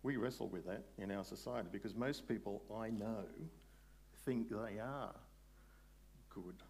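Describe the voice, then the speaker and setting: A man preaching a sermon in a conversational way, putting questions to his listeners and slowing down on key words. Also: lowish voice, creaky, a little mellow, breathy edge. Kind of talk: sermon, Bible exposition.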